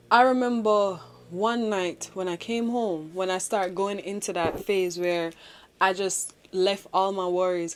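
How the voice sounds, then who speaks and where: Earnest woman sharing her faith story. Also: medium pitch. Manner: earnest, confiding, many fillers. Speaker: vlogger. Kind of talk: personal faith vlog.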